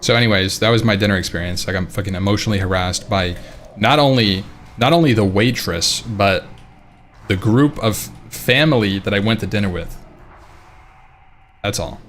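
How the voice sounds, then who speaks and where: A man's voice: fairly low pitch, normal speed, slight background noise. Profane ranting male game streamer. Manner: animated, profane, laughing ranting. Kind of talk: casual late-night stream storytelling.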